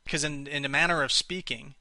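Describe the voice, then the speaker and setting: A man's voice: a little high, fairly even intonation, fast, sharp tone, dry recording. A man teaching a lesson on how to speak to different kinds of buyers, explaining and acting out example phrases, with some restarts. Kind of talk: spoken lesson on communication styles.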